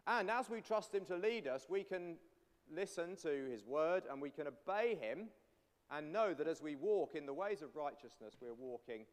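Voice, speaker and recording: Lively pastor in a reverberant church. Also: male voice, fairly high pitch, normal speed. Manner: lively, coaxing a congregation to repeat lines. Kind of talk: interactive sermon teaching a psalm.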